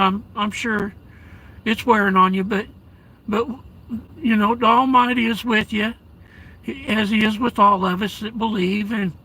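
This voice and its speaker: A man live streaming from his vehicle in a snowstorm, reading chat aloud and calling viewers darling and brother, with halting restarts. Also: sits high, bright, forceful tone, rough recording. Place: inside a parked vehicle at home during a blizzard.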